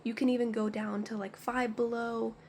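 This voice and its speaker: A woman imitating a female doctor who waves every worry away, her voice lifting a little higher and brighter than ordinary talk. The delivery is breezy and brisk, as if nothing the patient says really matters. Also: little pitch movement, a little hiss or hum, natural voice. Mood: breezy dismissive.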